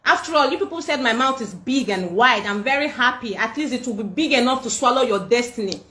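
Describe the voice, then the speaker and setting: A Nigerian woman hosts a livestream, ranting into her phone in an echoey room, scolding, defiant and repeating herself. Her voice is on the high side, expressive, brisk, bright and forceful.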